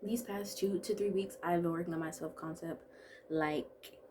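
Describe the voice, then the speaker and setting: A woman in her twenties vlogging in a chatty, bubbly way, full of quick asides and playful self-talk. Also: fairly low pitch, steady tone, dark tone, slight background noise. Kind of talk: casual chat to camera.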